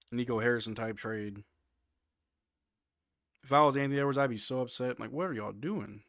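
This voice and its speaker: A man's voice: fairly low pitch, dry recording, clean studio sound. A man hosting a live stream watch-along, calling plays casually, reading stats and answering chat, a little sleepy and yawning. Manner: relaxed, reads stats and replies to chat. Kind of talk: casual play-by-play commentary with chat.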